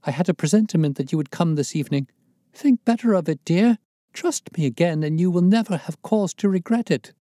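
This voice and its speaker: A man's voice: high-pitched, expressive, fairly quick, warm tone, no room sound, clean studio sound, pitched above the performer's own voice. A man voicing a proud, desperate young wife in an audiobook reading, pleading in a strained, raised voice.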